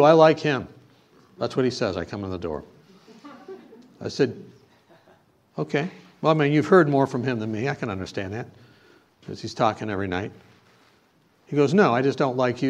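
A man preaching a sermon, telling a personal story and then urging his listeners with emphatic exhortation. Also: medium pitch. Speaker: pastor.

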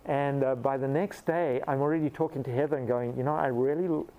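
A middle-aged man preaching, telling a personal story in a lively, animated way that rises into excited laughter. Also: medium pitch, fairly quick. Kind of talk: storytelling sermon.

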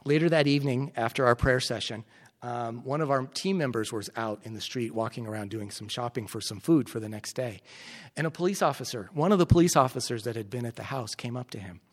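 A middle-aged man, a missionary speaker, telling an animated story to an audience, his voice rising in the exchanges he recounts. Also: mid-range voice, brisk. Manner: animated, lively storytelling that gets loud in quoted exchanges. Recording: echoey hall recording.

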